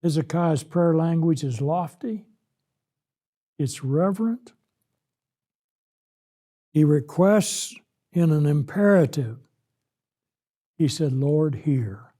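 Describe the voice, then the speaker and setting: A man preaching a Bible lesson, emphatic, reading scripture aloud and acting out the words of God with rising force. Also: a little high. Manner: slow, emphatic, rises loud when voicing God.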